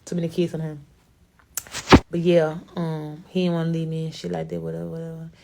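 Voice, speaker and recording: Profane animated young woman storyteller. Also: low voice, a little fast, gravelly. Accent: Chicago. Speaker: rapper. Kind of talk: casual storytime to camera.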